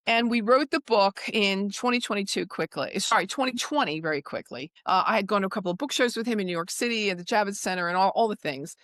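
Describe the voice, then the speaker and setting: Expressive woman telling stories, dry sound. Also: mid-range voice, quick pace, hardly any pauses, no echo. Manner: expressive storyteller, acts out quotes. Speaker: guest. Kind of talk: casual interview chat.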